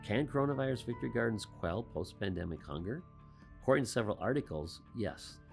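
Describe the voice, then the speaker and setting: A man's voice: mid-range voice, animated, fast, creaky, faint music behind. A man hosting a commentary monologue, asking rhetorical questions and adding wry asides. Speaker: host.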